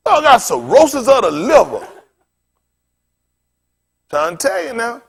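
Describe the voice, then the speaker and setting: A man's voice: extremely high pitch, big pitch swings, unhurried, slightly rough. A male pastor preaching a sermon with funny stories, talking in a loose, colloquial way and often laughing as he tells them. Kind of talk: sermon with humorous storytelling.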